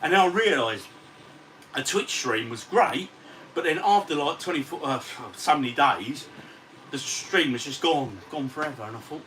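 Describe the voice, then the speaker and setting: A man's voice: a little high, animated, normal speed, bright, forceful tone. A man, chatting casually on a livestream from his home games room and reading out viewer comments in a matey way. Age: 40s. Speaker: retro gaming vlogger. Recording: distant mic with faint ambient noise.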